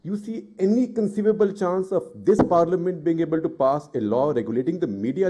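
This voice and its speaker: A man's voice: fairly high pitch, brisk. A middle-aged man from India, a journalist speaking on a panel, telling a story and then arguing with rising indignation. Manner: forceful and indignant, rising in anger. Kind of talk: impassioned public talk.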